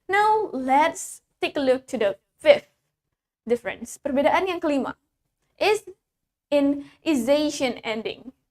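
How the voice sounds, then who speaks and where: High-voiced woman teaching pronunciation. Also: expressive, darkish tone. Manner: repeats each word slowly, switching between English and Indonesian. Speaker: English teacher. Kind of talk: pronunciation lesson.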